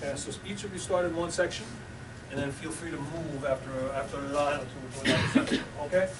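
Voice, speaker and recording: A man's voice: fairly high pitch, fast talker. A man hosting a live improv show, chatty and coaxing, laughing often as he sets up games. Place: small improv theater stage. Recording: roomy, distant, noisy live recording.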